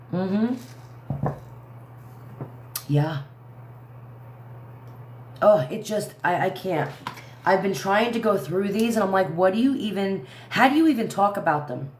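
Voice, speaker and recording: A woman in her thirties rants to her livestream viewers, indignant and rambling, her voice sitting in the middle of the usual range. The room around her is echoey and gives her voice a hollow ring. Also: mid-range voice. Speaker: livestream commentary host. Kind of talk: casual livestream commentary.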